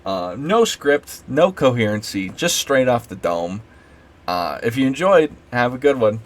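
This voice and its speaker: Guy ranting off the cuff at 1am, rambly, lots of likes and ums, middle-pitched voice. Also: very animated, measured pace. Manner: rambling, full of fillers and restarts. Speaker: video creator. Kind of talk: unscripted late-night rant.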